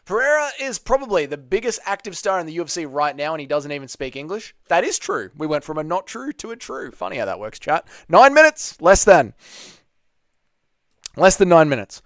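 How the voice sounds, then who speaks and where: Streamer guy reading chat, bantering, lively and crisp. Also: fairly high pitch, a little fast, no echo, clean studio sound. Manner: bantering, reads chat questions aloud then answers. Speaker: livestream host reading chat. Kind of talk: casual livestream Q&A.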